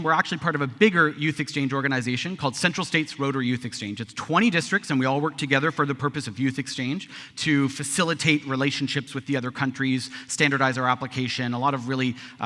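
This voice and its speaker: A man's voice: medium pitch, bright, forceful tone. A man in his thirties giving a speech at a conference, talking in a conversational way and often tagging on a question. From Canada. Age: 30s. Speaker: conference speaker. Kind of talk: speech to a live audience. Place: large conference hall. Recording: echoey hall.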